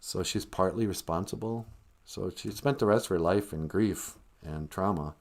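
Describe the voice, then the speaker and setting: A man's voice: sits low, normal speed. A man hosting a live stream, retelling a children's story in a wry, sarcastic comedic way.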